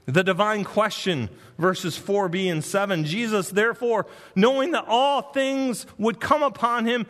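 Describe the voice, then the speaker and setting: A man preaching an expository sermon, earnest and emphatic, with dramatic pauses. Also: sits high, a bit bright, big-room sound. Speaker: pastor.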